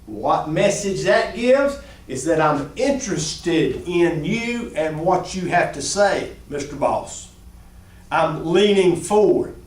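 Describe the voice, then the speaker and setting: In a large room full of echo, a middle-aged man teaching reentry job skills sits a bit away from the mic. He speaks slowly yet animatedly and expressively, his fairly high voice swinging up and down.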